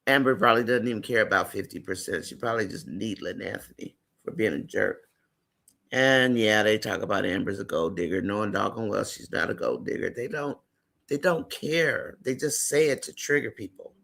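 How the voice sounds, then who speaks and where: A man's voice: lowish voice, fairly quick, creaky, bright, forceful tone. A man hosting a casual live-stream chat, reading viewer comments aloud and greeting and affirming viewers by name.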